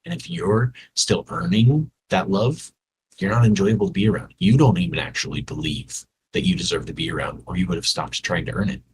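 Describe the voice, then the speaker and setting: A man's voice: deep voice, fairly quick, noisy background. A man co-hosting a podcast, talking earnestly and directly to listeners in a heartfelt conversation. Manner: earnest, speaks straight to listeners. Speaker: podcast co-host.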